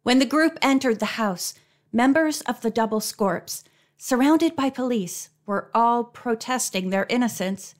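A woman narrating an audiobook of a mystery novel, her voice sitting fairly high. She reads in a steady, clear storytelling manner. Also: measured pace. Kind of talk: scripted narration.

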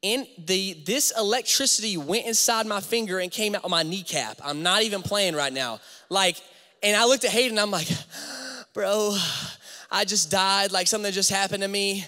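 A young man in his twenties, a youth pastor talking to teenagers at a church service in a lively, slangy way, telling a story. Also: high-pitched, normal speed. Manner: animated, slangy, talks straight to the crowd. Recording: long hall reverb from a church auditorium.

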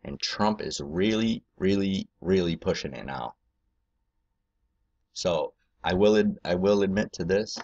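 A man's voice: deep voice, a little slow, a little mellow, lo-fi sound. A man hosting a political video, ranting angrily and rambling with heavy profanity.

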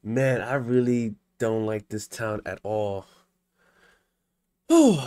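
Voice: medium pitch, steady tone, a little slow, a little mellow, smooth, dry recording. A young adult commentating live over a game, panicky, often repeating words over and over. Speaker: gameplay commentator.

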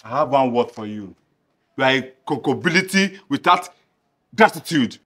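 A man's voice: medium pitch, lively intonation, moderate pace, a bit bright. An actor with a Nigerian accent playing a resentful, unpaid male gardener who mutters to himself.

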